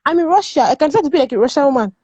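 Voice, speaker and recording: A woman's voice: high-pitched, animated, rapid-fire, a little mellow, dry recording. A woman from Nigeria, speaking as a guest in a casual discussion. She is emphatic, repeats words and laughs often. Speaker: guest panelist.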